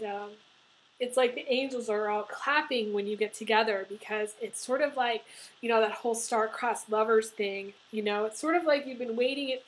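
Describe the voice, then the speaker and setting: A tarot reader gives a casual reading to camera, her voice on the high side and the recording rough with a little hiss or hum. She is emotional, crying and laughing through her tears as she talks, with lots of ums and restarts.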